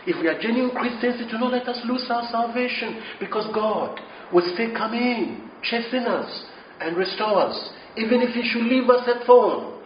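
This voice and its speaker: A man's voice: recorded from a distance, a little hiss or hum. A man preaching a sermon, reading scripture passionately and pleading earnestly. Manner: impassioned, rising high when reading scripture aloud. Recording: echoey room, slightly dull sound.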